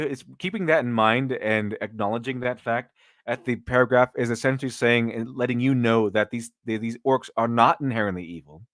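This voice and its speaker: A man's voice: mid-range voice, fairly bright tone, dry recording, studio quality. Rambling sarcastic male stream host. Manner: rambling, with many restarts and fillers; sarcastic, mocking critics in put-on quotes. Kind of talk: casual live-stream commentary.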